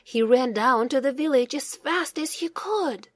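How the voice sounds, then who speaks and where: Woman storyteller for a kids' storybook, slow and sing-song, dry close mic. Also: high voice, no echo. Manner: slow, expressive read-aloud. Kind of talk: children's storybook narration.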